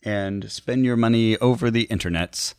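A man's voice: fairly low pitch, moderate pace, a little mellow, smooth, no room sound. A man co-hosting a podcast, chatting casually with a dry, joking manner into a close mic. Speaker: podcast co-host. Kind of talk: casual chat.

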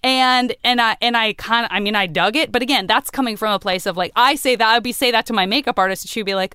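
A woman hosting a podcast in casual conversation, animated and thoughtful, often slipping into lively quoted voices. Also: fast, few pauses. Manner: animated, acts out quoted voices with big pitch jumps. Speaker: podcast host.

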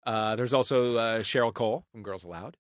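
A man hosting a comedy panel quiz, animated and laughing through self-mocking anecdotes. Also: on the low side, fairly quick, no echo, studio quality. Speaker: quiz show host.

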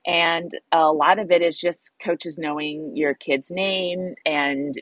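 A middle-aged woman co-hosts a casual chat in a lower voice. She talks candidly and wryly, dropping casual swears as she vents. The sound is close and dry. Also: fairly even intonation, slow, fairly bright tone, dry recording. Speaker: podcast co-host.

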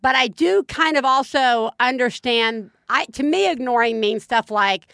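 A woman co-hosting a parenting podcast in casual chat, candid and quick to laugh. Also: on the high side, a bit bright, smooth, no echo, clean studio sound. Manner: chatty, laughs often, candid. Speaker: podcast co-host.

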